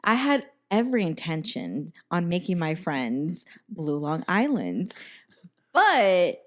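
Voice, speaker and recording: A young woman from Florida hosts a relaxed podcast over drinks. She tells stories in a loud, animated way, heavy with profanity and a playful attitude. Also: lowish voice, slow pace. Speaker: podcast host. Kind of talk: casual chat.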